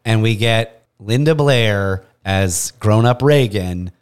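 A man's voice: lowish voice, slow pace, clean tone. A man co-hosting a podcast, talking casually and sarcastically about a movie with frequent swearing. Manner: animated, profane, sarcastic. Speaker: podcast co-host. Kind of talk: casual movie review chat.

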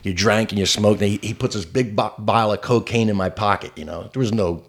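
A man's voice: on the low side, brisk. An older man tells a sprawling road story on a podcast, loose and conversational. He acts out the people in it, his voice leaping up for each. He sounds like a comic who has told this at many tables. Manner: animated storyteller acting out voices. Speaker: stand-up comic guest. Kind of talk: storytelling in casual podcast chat.

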